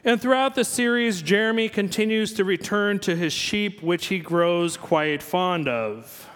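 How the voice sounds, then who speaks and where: A man preaching a sermon, telling a story in a relaxed, conversational way with wry asides. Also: sits high, a little slow, smooth, big-room sound. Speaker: pastor.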